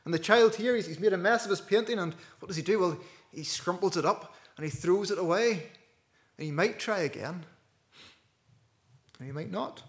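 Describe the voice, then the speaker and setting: A man preaching a sermon earnestly, dropping to a hush and rising to loud stresses. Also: sits high, moderate pace, pauses often. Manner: earnest, with wide swings between hushed and loud.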